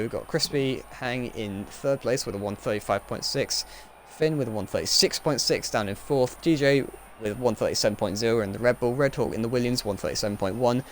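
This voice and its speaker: A man's voice: mid-range voice, quick pace. A man giving live commentary on a sim race, chatty and rambling, his voice a little crackly. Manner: chatty, rambling, self-correcting. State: slightly crackly voice. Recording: loud background engine noise.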